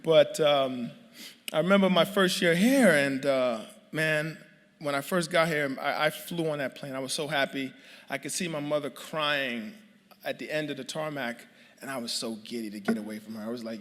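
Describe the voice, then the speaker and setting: A man's voice: mid-range voice, normal speed, fairly bright tone. Man, late 30s, from New York, hall of fame acceptance speech, humorous and rambling, lots of fillers, long hall reverb. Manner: humorous, chatty, many fillers and restarts.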